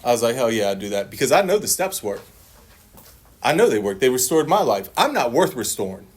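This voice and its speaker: A man's voice: medium pitch, big pitch swings, a little fast, husky. A man speaking at a recovery meeting, sharing his personal testimony in a blunt, profane, storytelling way and acting out other people's lines.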